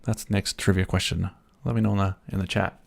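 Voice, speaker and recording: Very gravelly, low-voiced man hosting a livestream. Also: level tone, fast. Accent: slight American. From Germany. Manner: chatty, reads out and answers viewer comments, laughs easily. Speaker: livestream host. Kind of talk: casual livestream chat.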